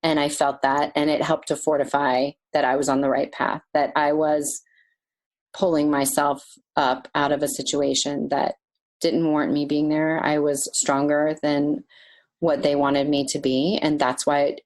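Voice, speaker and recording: Woman, podcast guest, low-pitched, animated, heartfelt, telling her own story. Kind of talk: personal storytelling in a podcast interview.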